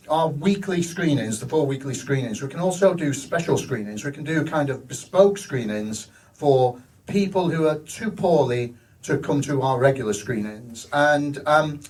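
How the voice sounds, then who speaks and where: A man's voice: medium pitch, darkish tone, distant mic, rough recording. A man, a hospital cinema manager telling rambling, enthusiastic stories in a live stage interview. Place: live show venue.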